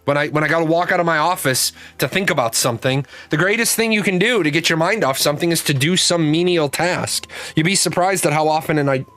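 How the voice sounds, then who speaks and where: A man's voice: on the high side, fast, few pauses, fairly bright tone, faint music behind. A man hosting a live streamed show, chatting casually and rambling through stories with frequent restarts. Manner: rambling storyteller, restarts, talks to his cat. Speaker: livestream show host. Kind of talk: casual chat with chat readers.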